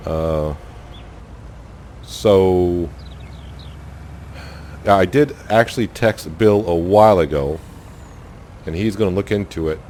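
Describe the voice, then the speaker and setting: A man with a very deep voice talks through his gameplay in a relaxed, rambling way, full of "uh" and "you know." Faint game sounds sit under his voice. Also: slow, long pauses, a little hiss or hum. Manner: rambling, thinks aloud with many fillers. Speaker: gaming channel host. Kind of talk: casual let's-play commentary.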